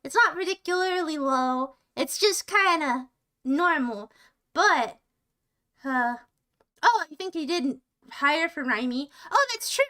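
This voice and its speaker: A woman's voice: sits high, lively intonation, measured pace, sharp tone. A woman streamer chatting casually on a livestream, rambling playfully and often restarting her sentences.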